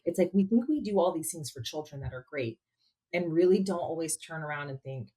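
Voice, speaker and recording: Woman, podcast guest, reflective, explanatory, low deep voice. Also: lively intonation, a little fast, warm tone. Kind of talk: casual podcast chat.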